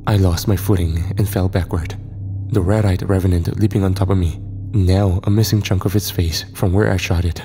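Deep-voiced male horror narrator. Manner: steady, even storytelling. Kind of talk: first-person horror story narration.

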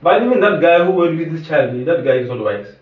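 A man co-hosting a relaxed podcast, joking with friends and now and then moralising. His voice swings up and down with a lively pitch. The recording is roomy and sounds distant. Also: quick pace, narrow, tinny audio. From South Africa. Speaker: podcast co-host. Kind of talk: casual chat. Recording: echoey room, distant mic.

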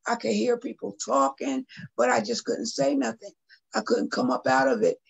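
A middle-aged woman with a gravelly, husky voice tells her story earnestly on a video call. Her voice sits a little high, and she often turns to speak straight to her listeners. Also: big pitch swings, normal speed, rough recording. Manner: earnest, testifying, addresses listeners directly. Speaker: guest artist and poet. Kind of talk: emotional personal storytelling.

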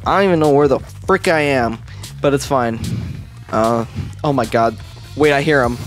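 A young man hosting a gaming video, teasing and joking, bursting into high screams when chased. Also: normal speed, faint music behind. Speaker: gaming channel host. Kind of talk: playful Let's Play banter.

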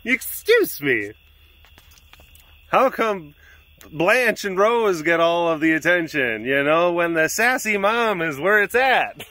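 A man's voice: high-pitched, lively intonation, slow pace, sharp tone, voice pushed up, heavily acted. A man voicing a proud, possessive old female leopard who complains indignantly.

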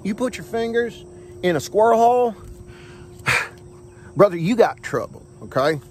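A man hosting a comic vlog outdoors, talking in a folksy, hushed, deadpan way and tagging phrases with "okay?". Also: high voice, measured pace, slight background noise. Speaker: vlog host playing a self-styled squirrel expert. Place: outdoors under a tree on a farm. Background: faint crickets and insects.

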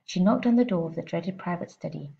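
On a slightly muffled lo-fi recording, a teacher reads a kids' storybook with expressive, even narration; her voice is fairly low, creaky, and fast.

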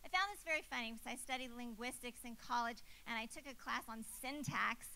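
Young female preacher, emphatic sermon delivery, bright high voice. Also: fairly quick, creaky, slight background noise, rough recording. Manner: emphatic, repeats phrases for effect.

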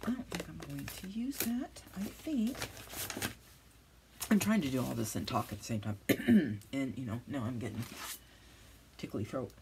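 Rambling low-voiced woman crafter. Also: expressive, normal speed, long pauses, darkish tone, a little hiss or hum. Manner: rambling, self-deprecating storytelling while crafting. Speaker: crafting channel host. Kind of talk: chatty crafting vlog. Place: home, with dogs nearby.

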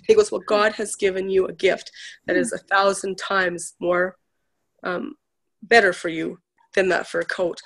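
A woman's voice: on the low side, flat delivery, a little slow, gravelly. A woman guest, a spiritual healer, chatting casually in a talk show and retelling a conversation in a storytelling way. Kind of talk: casual chat.

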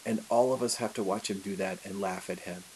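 A man's voice: sits low, brisk, gravelly, slight background noise, poor audio. Man telling history casually. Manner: lively, conversational, with many fillers and asides. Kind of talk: casual storytelling lecture.

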